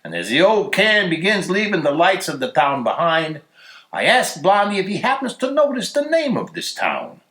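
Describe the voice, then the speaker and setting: Male story reader, animated, bright tone, echoey church sanctuary. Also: high-pitched, normal speed. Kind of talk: reading a story aloud.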